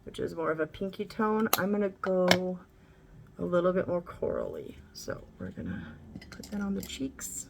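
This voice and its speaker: A woman's voice: lowish voice, lively intonation, normal speed, gravelly, heavy background noise. A woman vlogger chatting casually through a makeup tutorial, candid and rambling, swearing now and then.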